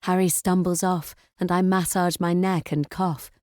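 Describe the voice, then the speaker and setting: A woman narrating a thriller audiobook in first person, tense and measured. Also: on the low side, flat delivery, a little mellow, no room sound, studio quality.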